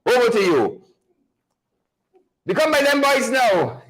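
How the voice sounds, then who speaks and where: A man hosting mocking political commentary, loud and sarcastic with laughing asides. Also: extremely high pitch, sing-song, takes it slowly, rough recording. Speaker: host.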